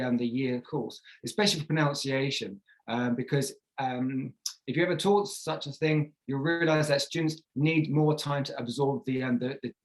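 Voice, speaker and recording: A man with a medium-pitched voice presents at a conference on teaching pronunciation, walking through it step by step with frequent fillers and restarts. He models the pronunciation examples aloud. The recording quality is low.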